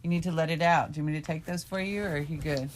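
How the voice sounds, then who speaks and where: A woman's voice: low-pitched, fairly even intonation, racing, slight background noise. A middle-aged woman on a podcast, talking candidly and reflectively in a casual chat, soothing and supportive toward her friend. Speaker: podcast co-host. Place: bedroom, on a bed.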